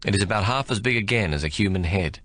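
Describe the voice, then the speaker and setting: Lively, bright-voiced male narrator. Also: fast, no echo, studio quality. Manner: expressive storytelling with lively pitch. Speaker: audiobook narrator. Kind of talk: scripted narration.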